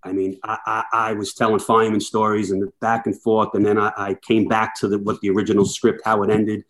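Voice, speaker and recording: A middle-aged man, a firefighter, telling lively anecdotes as a podcast guest and acting out the dialogue he quotes. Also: fairly low pitch, a little fast. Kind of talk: casual storytelling chat.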